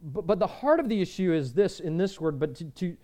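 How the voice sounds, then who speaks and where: A man preaching a sermon, earnest, repeating words and moving between emphatic lines and quiet ones. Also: high voice, expressive, fairly quick. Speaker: pastor.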